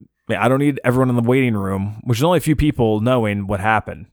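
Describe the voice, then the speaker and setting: A young man casually telling a personal story on a podcast, animated and self-mocking, acting out the people he quotes. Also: mid-range voice, fast, no echo, studio quality.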